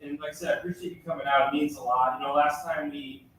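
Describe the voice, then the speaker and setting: A man's voice: on the high side, fairly even intonation, fast. A man from a charity giving a friendly, casual thank-you speech with fillers. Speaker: charity representative. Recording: echoey room from far off, loud background noise.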